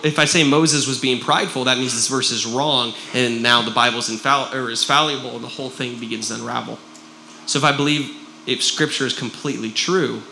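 A man preaching a sermon to a congregation, animated and jokey, with frequent "right?" asides. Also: mid-range voice, a little hiss or hum. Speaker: pastor. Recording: roomy echo.

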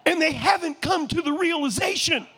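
Very high-voiced preacher, rising to shouts. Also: male voice, moderate pace. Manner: impassioned, rising to shouts, rhetorical questions to the congregation. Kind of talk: sermon.

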